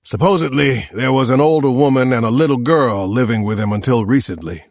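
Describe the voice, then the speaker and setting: A man's voice: mid-range voice, fairly quick, no room sound, close to an everyday voice. A man reading an audiobook, voicing a laid-back male cop who talks in an offhand way.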